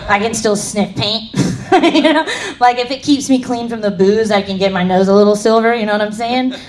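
A woman's voice: fairly high pitch, moderate pace, a little mellow, a little hiss or hum. A woman doing a live stand-up set on a comedy club stage, rambling and self-mocking, laughing at her own jokes. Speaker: stand-up comic.

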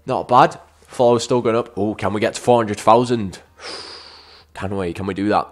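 A man giving chatty let's-play game commentary, addressing viewers as lads and breaking into frustrated shouts at the game. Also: on the low side, fairly even intonation, moderate pace. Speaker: gaming YouTuber.

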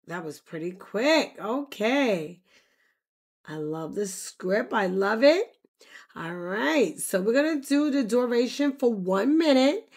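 A woman demonstrating software in a casual tutorial, bubbly and quick to exclaim. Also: medium pitch, creaky. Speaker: content creator demonstrating software. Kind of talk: casual screen-recorded tutorial.

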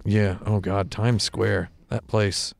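Male host, low gravelly voice, deadpan rambling jokes, light music under, small studio. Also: slow pace. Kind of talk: casual deadpan interview.

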